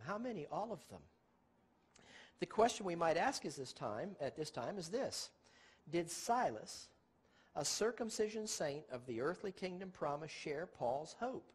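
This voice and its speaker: A man's voice: on the high side, lively intonation, a little slow, breathy edge. A middle-aged man preaching a Bible teaching sermon, asking rhetorical questions and stressing key words.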